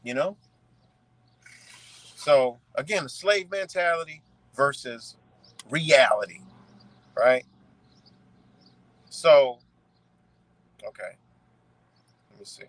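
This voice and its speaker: A young man from ranting in commentary, profane and animated, often asking "right?". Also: mid-range voice, slow pace, pauses often, no room sound, low-quality recording. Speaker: commentary streamer.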